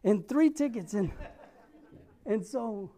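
A young man preaching a sermon, telling a personal story and acting out the dialogue with lively energy. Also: high-pitched, slow pace. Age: young adult. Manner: repeats a rallying question.

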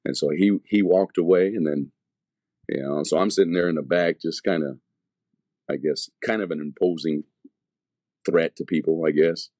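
Middle-aged male evangelist, low voice, rambling testimony in a dry room, full of "you know". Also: moderate pace, pauses often, warm tone, no room sound. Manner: storytelling, acting out past dialogue. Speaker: evangelist telling his testimony. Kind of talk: casual spoken testimony.

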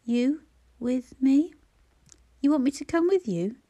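A woman voicing a brisk shopper who speaks with sarcastic emphasis. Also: high-pitched, expressive, dark tone, pitched above the performer's own voice, exaggerated voice. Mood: gentle. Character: brisk sharp-tongued woman shopper, kind but sarcastic.

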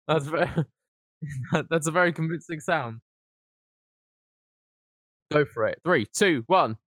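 A man hosting a podcast in casual comedic chat, joking around in quick banter with frequent laughs. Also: on the high side, fairly bright tone, no room sound. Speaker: podcast host.

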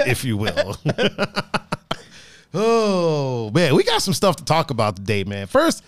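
A man's voice: medium pitch, huge pitch swings, takes it slowly, no echo. A man hosting a casual podcast, joking and rambling with restarts as he reads out the live chat.

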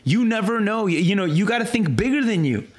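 Animated stuttering man preaching casually. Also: brisk. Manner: animated, repetitive, frequent restarts and stutters; swings between high exclaiming and low earnest tones. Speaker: pastor. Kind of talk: casual sermon follow-up talk.

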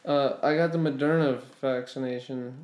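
A man's voice: mid-range voice, fairly even intonation, normal speed, a little mellow, slight background noise. A podcast producer from Ohio, a man making dry, sarcastic quips in casual chat.

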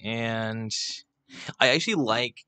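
A man's voice: medium pitch, slow pace, bright, forceful tone, clear, resonant tone, no room sound. A man hosting a casual livestream, rambling and swearing freely as he rants, speaking into a desk microphone. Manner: rambling, profane, irreverent. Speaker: livestream host. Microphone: desk microphone, not clipped on.

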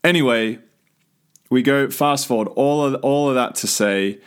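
A man's voice: medium pitch, moderate pace, clear, resonant tone. A young man with an Australian accent, telling a rambling, enthusiastic story as a podcast host with lots of restarts. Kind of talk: casual storytelling monologue.

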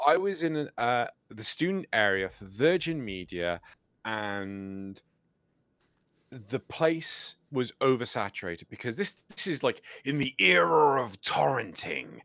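A young man tells a story at a casual pace, his pitch bouncing as he acts out both ends of a phone call. It is a relaxed podcast chat, and he talks over a dry, close mic with almost no room around his voice. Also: a little slow, creaky, no echo. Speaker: podcast co-host.

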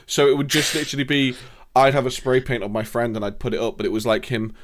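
A man's voice: medium pitch, level tone, quick pace. Young guy rambling about old games, swears a lot, chatty and loose. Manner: rambling, sweary storytelling with laughs. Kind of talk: casual gaming chat.

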